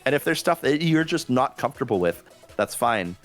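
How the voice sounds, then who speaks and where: A man's voice: mid-range voice, very animated, a little fast, fairly bright tone, faint music behind. A man co-hosting a live stream Q&A, chatting casually and rambling with frequent laughs. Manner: laid-back, rambling, laughs often. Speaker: streamer co-host. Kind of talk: casual chat.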